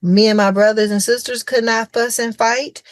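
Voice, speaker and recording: Woman, lively animated storyteller. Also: on the high side, moderate pace, no echo. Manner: animated storytelling, acting out quoted dialogue. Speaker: childcare center owner, guest. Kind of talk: casual conversational interview.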